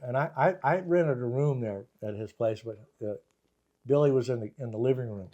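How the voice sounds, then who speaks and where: An older man, a guitarist, telling anecdotes in a relaxed interview, laughing often and acting out the voices of the people in his stories. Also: mid-range voice, moderate pace, muffled recording. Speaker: guest guitarist. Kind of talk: casual storytelling interview.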